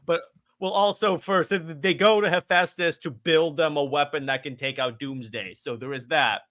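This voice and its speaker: A man's voice: on the high side, fairly even intonation, moderate pace, a bit bright. A man co-hosting a casual comic book podcast, enthusiastic, laughing often and tripping over his words. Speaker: podcast co-host.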